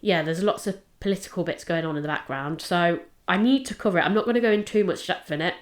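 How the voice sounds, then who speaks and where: A woman talks through a history case on a podcast. Her voice sits a little low, and she chats casually, rambling and checking herself as she goes. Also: fast talker. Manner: chatty, rambling, with fillers and self-checks. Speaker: podcast co-host presenting the case. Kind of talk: casual chat.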